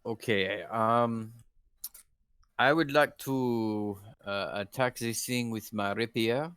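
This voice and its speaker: A man's voice: medium pitch, slow pace, fairly bright tone, smooth, dry recording, studio quality. A man playing a tabletop game, talking in a plain, matter-of-fact way. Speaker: player. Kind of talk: casual tabletop play.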